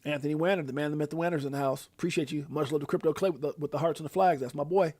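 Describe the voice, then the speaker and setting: A man hosting a live stream, casually reeling off shout-outs to viewers with loud, excited bursts. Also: no echo. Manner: lively, hyped, drawn-out shout-outs with sudden loud high bursts. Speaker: livestream host.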